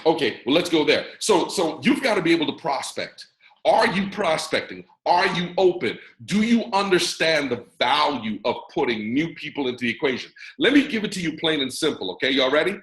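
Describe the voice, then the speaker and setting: An American man hosting a network marketing mentoring call, talking in a lively, preacher-like way and teasing his audience over a video call. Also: on the high side, a little fast, echoey room, low-quality recording. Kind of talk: motivational talk on a video call.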